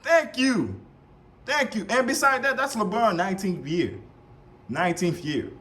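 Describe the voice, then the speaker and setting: Man, high voice, heated reaction commentary, animated, swearing. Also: a little slow. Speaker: reaction streamer.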